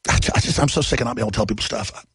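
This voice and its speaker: A man's voice: lowish voice, rapid-fire, a bit bright, husky, no echo. A middle-aged man hosting a talk radio show, ranting in an agitated monologue full of rhetorical questions.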